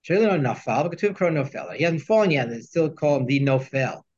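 A man's voice: a little high, lively intonation, fast talker, a little mellow, slightly rough. Man teaching a text study class. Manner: explains Hebrew texts with English glosses and asides. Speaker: Torah teacher. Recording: dull lo-fi sound.

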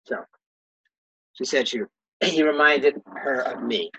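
A man's voice: mid-range voice, slow pace, sharp tone, slightly rough, dry recording. Man teaching a text class, dull lo-fi sound. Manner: reads Hebrew and Aramaic phrases, then translates them plainly; casual, with frequent restarts and self-corrections. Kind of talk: text-study lesson.

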